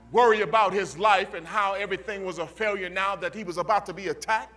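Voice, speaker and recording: A pastor from Youngstown, Ohio, preaching a call-and-response sermon in a church that builds to shouts. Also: male voice, high-pitched, normal speed, music in the background.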